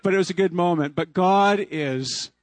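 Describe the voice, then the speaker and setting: Guy in his 50s, pastor telling a story in his sermon, kinda high voice, chuckles a lot, dry close sound. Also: normal speed, dry recording. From Canada.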